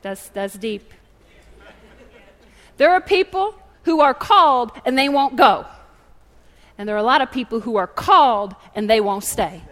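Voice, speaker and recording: A woman's voice: a little high, animated, measured pace, pauses often, a bit bright. A woman preacher delivering an impassioned sermon, driving home her point with repeated rhetorical questions. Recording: reverberant hall with faint music. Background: faint music.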